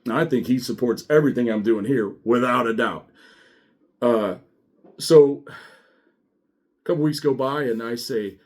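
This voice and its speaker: A middle-aged man, a former sheriff's deputy, telling his story in a blunt, profane and animated way. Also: medium pitch, unhurried, long pauses. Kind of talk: casual storytelling monologue.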